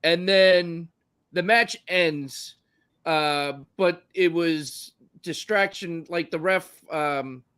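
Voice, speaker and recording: A man with a fairly high voice co-hosting a wrestling podcast. He recaps the week's matches in a loose, rambling way, swearing freely and leaning on fillers. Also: very slow, bright, forceful tone, smooth. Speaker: podcast co-host. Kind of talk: casual wrestling chat.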